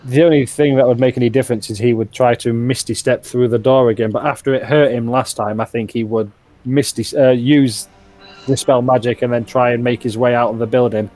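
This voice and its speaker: A man's voice: mid-range voice, fairly even intonation, brisk, mellow, soft background music. A man playing a tabletop game, thinking aloud with hesitant restarts as he plans his character's moves. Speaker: player.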